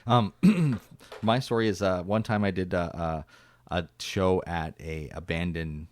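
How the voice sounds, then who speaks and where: A man's voice: sits low, a little slow, a little mellow. A man in his fifties hosting a casual interview, chatty and laughing into his own stories. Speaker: host. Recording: dry close mic.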